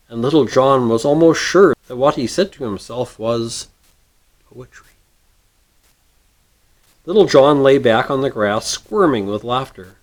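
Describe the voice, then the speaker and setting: A man reading a storybook chapter aloud with expressive narration. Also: mid-range voice.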